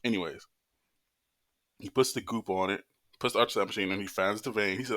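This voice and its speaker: A man's voice: fairly quick, pauses often. A man casually telling a personal story to camera, swearing and acting out what people said. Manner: animated, swearing, acts out quotes with high-pitched voices.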